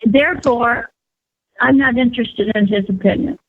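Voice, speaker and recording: A woman's voice: fairly high pitch, moderate pace, no room sound. A woman calling into a radio show, blunt and opinionated, with frequent fillers. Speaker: caller. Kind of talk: phone-in call. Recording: tinny phone line.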